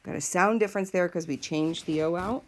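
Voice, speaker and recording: A woman's voice: lowish voice, a little fast, slight background noise. A woman teacher explaining a lesson patiently, step by step, in a recorded classroom video. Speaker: Spanish teacher.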